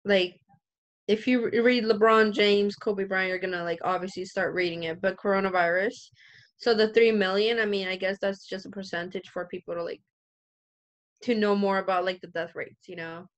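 A woman's voice: mid-range voice, fairly even intonation, normal speed, muffled recording. A woman student answering in an online class discussion, hesitant and full of fillers. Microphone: video call.

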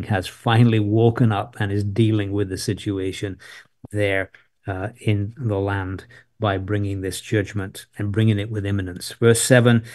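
A man of ordinary, mid-range pitch leads a verse-by-verse Bible teaching. He reads each passage aloud and then talks it through in a relaxed, explanatory way, with a soft chuckle here and there. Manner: conversational and explanatory, reading scripture aloud then unpacking it.

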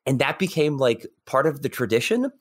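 A man's voice: medium pitch, big pitch swings, a little fast. A young man from New York telling a story in casual podcast chat, rambling with lots of fillers and restarts. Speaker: podcast guest.

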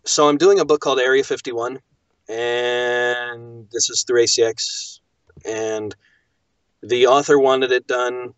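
A man who narrates audiobooks, speaking as a podcast guest in an animated, emphatic way. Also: mid-range voice, slow pace, clear, resonant tone, no echo, far from the mic. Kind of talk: casual chat. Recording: dull lo-fi dry recording.

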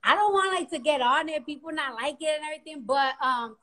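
A young woman chatting on a phone live stream, nervous and giddy, rambling with loud laughs and squeals. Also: high voice, a little fast. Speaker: Instagram live co-host. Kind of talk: casual live-stream chat. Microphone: phone camera.

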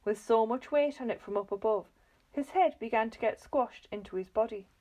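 A woman reading a children's book aloud in a lively, expressive storytelling manner. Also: a little high, moderate pace, poor audio.

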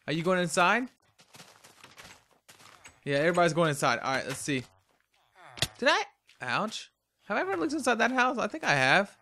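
A yawning, tired man narrates his own gameplay in loose, rambling commentary, chatting to himself as he goes. His voice sits a little high and sounds bright and sharp, with a faint hiss behind it. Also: sing-song, moderate pace, long pauses. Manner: rambling, chatty, talks to himself while playing. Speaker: let's play host.

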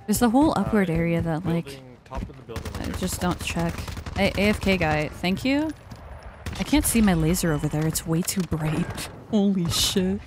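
A young woman streaming a shooter game, chatting casually with viewers, excitable and swearing often. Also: on the low side. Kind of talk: casual gaming stream chat. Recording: noisy background hiss.

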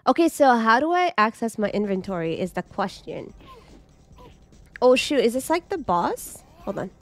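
A woman giving excited, chatty commentary while playing an arcade game, with squeals and laughs. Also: on the high side, normal speed, soft background music. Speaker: gaming streamer.

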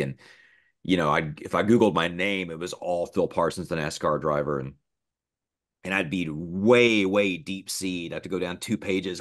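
A middle-aged man, a voice actor, chatting casually in an interview and telling lively stories. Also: low voice, fairly quick. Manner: animated storyteller, slips into character voices. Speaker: voice actor guest.

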